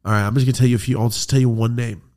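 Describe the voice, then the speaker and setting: A man hosting a podcast, telling a story in casual chat, animated and swearing a lot. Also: medium pitch, rapid-fire. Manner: animated, swearing, quoting friends in put-on voices. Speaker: podcast host.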